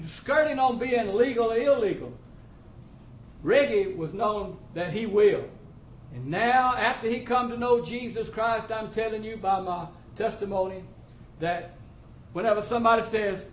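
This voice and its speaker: Animated and speaking at normal speed, the high-voiced man tells his church a testimony in a homey, country-grammar style. The audio carries a roomy echo with faint ambience and a little hiss or hum.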